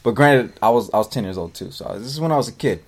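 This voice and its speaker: A man's voice: mid-range voice, expressive, fast talker. A man in his twenties telling a long childhood story in casual, rambling style, swearing almost every line. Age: 20s. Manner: profane, rambling, swears constantly. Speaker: podcast co-host telling a story.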